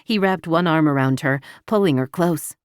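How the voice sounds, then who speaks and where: Brief: female audiobook narrator, low voice, dry close studio sound, even intimate delivery. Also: moderate pace, clear, resonant tone, dry recording. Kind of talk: scripted romance narration.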